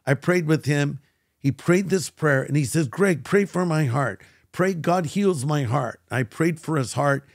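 A man's voice: on the high side, measured pace, creaky, no echo, clean studio sound. An older man, a guest pastor, telling a personal story in an interview and acting out the voices of the people in it. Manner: animated storyteller who acts out quoted voices.

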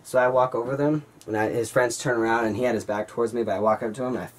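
A young man vlogging, telling a story to his viewers in an animated way and calling them guys. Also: medium pitch, fast, far from the mic. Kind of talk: storytelling vlog.

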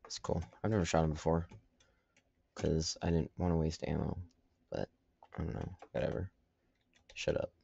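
A man's voice: a bass voice, steady tone, moderate pace, gravelly, pauses often, dark tone, slightly rough, no room sound. A man giving casual, self-deprecating commentary over his own online match, with joking asides. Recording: dull lo-fi dry sound.

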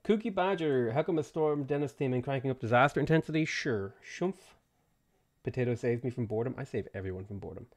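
A man hosts a live game stream, calling out viewers by name and tossing off short replies to their questions. His pitch sits in a middle register but swings around lively from phrase to phrase. The talk is loose and unscripted. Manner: greets chat viewers by name between game setup remarks; quick offhand answers to viewer questions. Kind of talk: casual live-stream chat.

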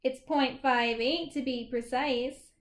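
A woman's voice: sits high, steady tone, takes it slowly, reverberant. A woman voicing a cheerful little boy who is precise and matter-of-fact, explaining things patiently, in a storybook reading.

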